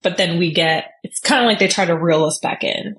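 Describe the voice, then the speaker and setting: A woman guest on a podcast, talking in a rambling, animated way with a low, sultry-toned voice. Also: brisk. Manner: rambling, animated, self-deprecating. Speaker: guest dietitian. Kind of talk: casual conversational interview.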